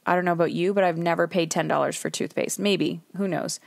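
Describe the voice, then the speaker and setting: A woman's voice: on the low side, fairly even intonation, fairly quick, creaky, no echo, studio quality. A woman hosting a solo podcast from her car. She talks candidly and emphatically, swears casually and acts out little scenes. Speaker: podcast host.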